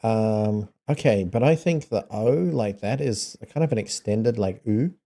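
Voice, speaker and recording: A man's voice: fairly low pitch, expressive, measured pace, creaky, mellow. A man with a New Zealand accent chatting casually with viewers, playfully sounding out foreign words and laughing often. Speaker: streamer.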